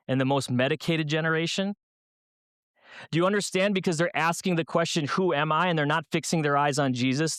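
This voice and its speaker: A Minnesota man, his voice fairly high, bright and smooth, is a guest speaker at a church youth night, telling funny stories and throwing rhetorical questions at the room. The recording is studio quality with no echo.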